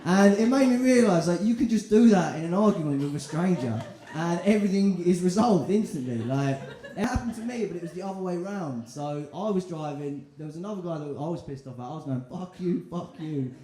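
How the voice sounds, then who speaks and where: A man's voice: high-pitched, expressive, a little fast, mellow. A young man performing a stand-up set, chatty and crude, with loose fillers and an offhand delivery. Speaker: stand-up comedian. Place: comedy club in front of a live audience. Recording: echoey club room with audience laughter.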